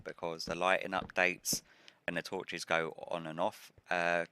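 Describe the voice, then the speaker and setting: Male let's-play host, low and crisp, slightly rough morning voice, casual running commentary. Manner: relaxed, thinking aloud while building.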